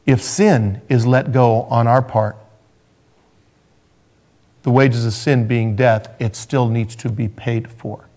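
A man preaching a sermon as a pastor, swinging from raised, intense passages down to hushed, soft ones. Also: mid-range voice, fairly even intonation, takes it slowly, long pauses.

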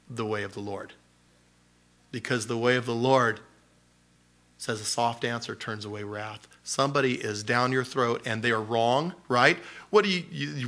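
A man's voice: mid-range voice, pushed and bright. A man preaching a sermon in a conversational way, laughing often and acting out voices. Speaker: pastor. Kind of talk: sermon teaching.

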